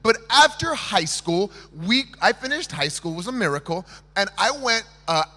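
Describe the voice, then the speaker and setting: A man from Texas giving an energetic, comedic motivational talk to students. He jokes and asks the audience questions. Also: high voice, normal speed, long reverb tail. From Texas, USA. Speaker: motivational speaker. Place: large conference hall.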